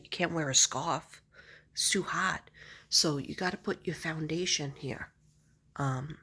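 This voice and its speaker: Casting: husky, lower-pitched middle-aged woman, rambling chatty vlogger who laughs a lot. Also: fairly bright tone. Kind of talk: casual chat to camera.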